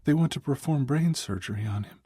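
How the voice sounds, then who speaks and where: A man's voice: mid-range voice, expressive, brisk, warm tone, breathy edge, no echo, studio quality, voice pushed up. A man voicing a tired, worried woman who speaks with a wobbly voice in an audiobook. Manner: wobbly, weary. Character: tired worried woman, his old friend.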